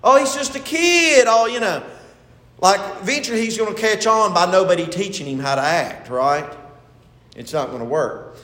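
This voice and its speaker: A pastor preaching a sermon, retelling a story with quoted lines and building to emphatic points. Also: male voice, high voice, moderate pace, a bit bright, reverberant, long reverb tail.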